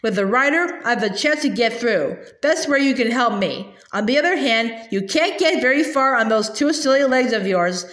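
A woman's voice: fairly high pitch, expressive, fairly bright tone. Woman reading as a proud talking war horse. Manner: haughty and brisk, talks down to the boy. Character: proud talking male war horse, scornful yet protective. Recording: roomy echo.

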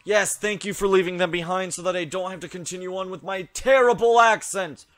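A man's voice: sits high, a little fast, fairly bright tone, dry recording. A man giving laid-back, self-mocking commentary while playing a video game, close to the mic. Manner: laid-back and jokey, laughs at himself. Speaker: let's play host.

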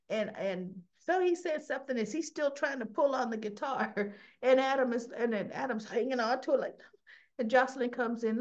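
A woman's voice: on the high side, normal speed, highs cut off. A woman casually recapping soap opera scenes for her vlog, chatty, acting out the dialogue. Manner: chatty retelling with quoted dialogue.

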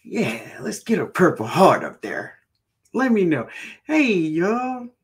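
A woman's voice: on the low side, very animated, slow pace, husky. A woman hosting a gardening live stream, chatting casually and greeting viewers by name.

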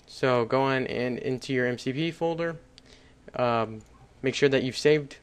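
Speaking a little slowly, this tutorial host has a medium-pitched voice that comes across clear and resonant. He's a young man walking through a casual screen-recorded coding lesson, chatty with small laughs, wandering off track and fixing his own mistakes.

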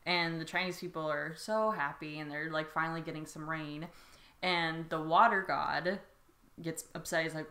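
A young woman co-hosts a podcast in an echoey room, retelling a story through bubbly, casual chat and breaking into playful voices as she giggles along. Her voice is low and sharp in tone, with fairly even intonation and a moderate pace.

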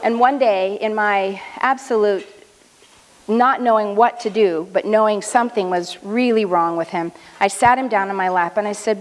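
A middle-aged woman speaks at a luncheon in a mid-range voice, measured and earnest as she tells a personal story. Her words ring out with a long reverb from a large hall. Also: medium pitch, darkish tone.

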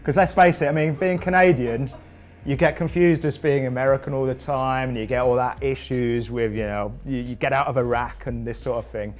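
A man's voice: mid-range voice, steady tone, fairly quick. A British man interviewing a guest, with teasing, playful banter. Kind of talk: jokey casual interview.

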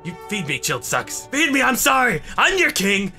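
A man giving comedic gameplay commentary, excitable and mock-serious with crude jokes. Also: sits high, normal speed. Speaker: gaming commentator. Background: background music.

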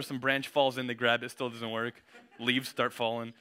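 Bright slangy young male preacher. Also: medium pitch, brisk. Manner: slangy and conversational, reads scripture with rising intensity. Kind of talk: casual sermon.

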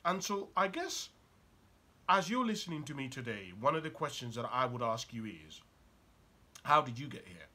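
Husky, animated male coach. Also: fairly high pitch, normal speed. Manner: rhetorical questions, emphatic storytelling. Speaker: life coach. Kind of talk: motivational monologue.

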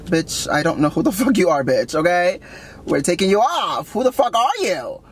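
A man's voice: very animated, normal speed, background noise. A man doing Patricia, a brash sassy young mom. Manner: loud, giggly, swears constantly, swoops up high. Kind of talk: comedy sketch in character. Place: in a car.

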